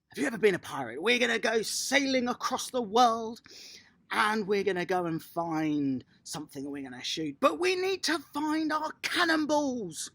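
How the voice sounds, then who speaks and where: Upbeat kids' tennis coach, gravelly. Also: medium pitch, very animated, moderate pace, a bit bright. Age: adult. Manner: upbeat and encouraging, praising children by name. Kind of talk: online kids' tennis class, talking to children at home.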